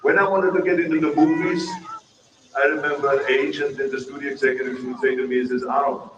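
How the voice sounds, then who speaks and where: A man's voice: a little high, little pitch movement, fast, dull audio. An older man with an Austrian German accent giving a humorous, emphatic keynote speech at an outdoor ceremony. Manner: humorous, emphatic, self-deprecating. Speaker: keynote speaker. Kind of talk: public speech. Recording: echoey distant public-address sound with background noise.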